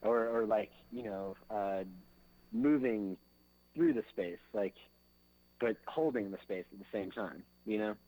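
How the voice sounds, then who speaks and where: A man with a slightly low voice talks casually as a drummer in an interview. He rambles and leans on fillers. Now and then he sings grooves with his mouth to show how they go. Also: steady tone, unhurried, dark tone, poor audio. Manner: loose and rambling, fills with "like" and "you know".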